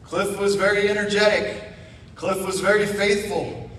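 A middle-aged man telling his testimony as a guest speaker at church, animated with asides. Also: sits high, a little slow, a little hiss or hum. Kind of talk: personal testimony. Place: church sanctuary. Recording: echoey room, mic far off.

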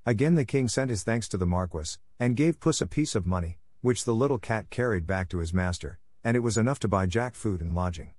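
A man narrating a fairy tale in a steady, even storytelling manner, close to the mic. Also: fairly low pitch, brisk, few pauses, no room sound. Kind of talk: scripted audiobook narration.

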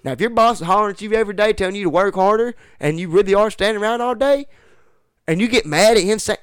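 Blunt, swearing man with a high voice. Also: fast talker, clear, resonant tone, no room sound, clean studio sound. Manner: blunt, profane, emphatic rant; uses rural slang like ain't and y'all. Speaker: podcast guest. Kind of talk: casual chat.

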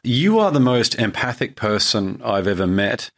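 Male podcast host, low voice with gravel, lively pitch. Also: normal speed. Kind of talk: casual interview.

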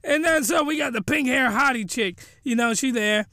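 A man's voice: very high voice, normal speed, pushed and bright, dry recording. A man doing a comedic anime recap in a rambling, joking, incredulous way, with a close, dry mic. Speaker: anime reviewer.

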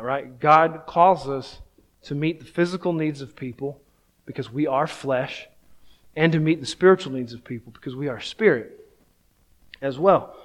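A man in his thirties, a pastor, preaching a sermon in a casual, self-deprecating storytelling way, often checking in with "right?". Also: mid-range voice.

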